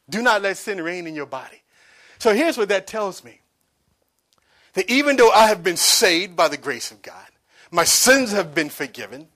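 A man's voice: high voice, lively intonation, a little slow, a bit bright. A man in his forties preaching a sermon, emphatic, repeating phrases and asking the congregation to answer back. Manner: emphatic preaching with repetition and call-and-response questions. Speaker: pastor.

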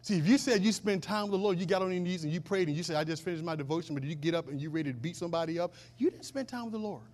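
A male pastor preaching a sermon, swinging from loud declarations to hushed asides and asking the congregation questions. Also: high-pitched, rapid-fire. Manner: asks the congregation call-and-response questions.

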